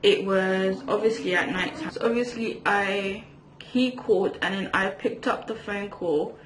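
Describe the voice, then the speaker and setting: A woman's voice: mid-range voice, a little slow, a crowd in the background. Chatty young woman, echoey room. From England. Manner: chatty, rambling, lots of fillers and restarts. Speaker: vlogger. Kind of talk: storytime chat while doing makeup. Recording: echoey room with faint hiss.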